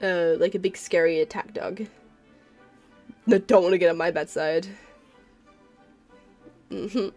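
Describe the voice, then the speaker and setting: A woman's voice: on the low side, steady tone, unhurried, pauses often, a little mellow, faint music behind. A tired woman streamer chatting casually while she draws, rambling, apologizing and laughing often. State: tired and yawning. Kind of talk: casual chat while drawing.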